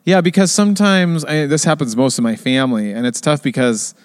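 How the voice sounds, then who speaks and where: A man's voice: brisk, smooth, no room sound. A middle-aged man co-hosting a podcast, chatting casually and animatedly, acting out other people's lines. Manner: animated, acts out quoted voices in a higher pitch. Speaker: podcast co-host. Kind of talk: casual chat.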